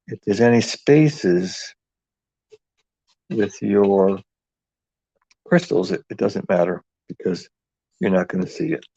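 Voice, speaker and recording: Slow, gravelly man with a New England accent. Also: fairly low pitch, warm tone, no echo, lo-fi sound. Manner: rambling, jokey, thinks aloud while working. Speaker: craft livestream host. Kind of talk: casual live craft demonstration.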